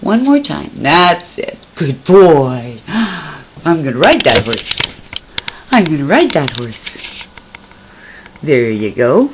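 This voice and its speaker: A woman coaxes and praises her pet in cooing baby talk while filming on a handheld camcorder. Her voice sits low and moves slowly, but it swings widely and often leaps high. There is faint background noise in the room. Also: very animated. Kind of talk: home video chat with a pet.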